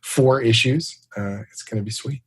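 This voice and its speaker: A man's voice: medium pitch, fairly bright tone, breathy edge. A man from Canada, a comic book writer, chatting on a podcast with enthusiasm and frequent laughter. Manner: enthusiastic, laughs often, quick asides. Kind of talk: casual podcast chat.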